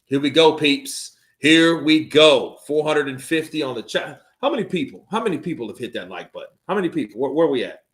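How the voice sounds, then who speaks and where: A young man hosting a live stream, giving hyped, animated watch-along commentary and laughing often. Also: on the high side, quick pace, hardly any pauses.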